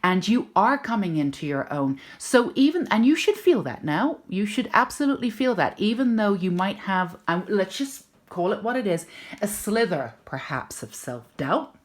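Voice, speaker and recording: A woman giving a spoken tarot reading to her viewers, gentle and reassuring, often repeating words for emphasis. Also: medium pitch, very animated, moderate pace. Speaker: tarot reader and intuitive healer.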